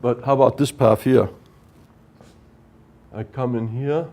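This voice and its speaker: Mellow-voiced man lecturing step by step. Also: mid-range voice, fairly even intonation, a little slow. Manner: explaining step by step, rhetorical "right?". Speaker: workshop lecturer. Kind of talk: technical lecture at whiteboard.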